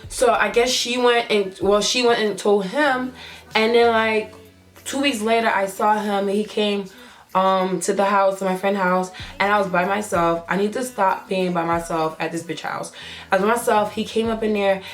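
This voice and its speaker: A young woman recounts a wild personal story straight to camera. She curses freely and keeps slipping into the voices of the people she quotes. Her pitch sits in the middle for a woman. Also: normal speed, soft background music. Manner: profane, animated retelling with acted quotes. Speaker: vlogger. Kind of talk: storytime vlog.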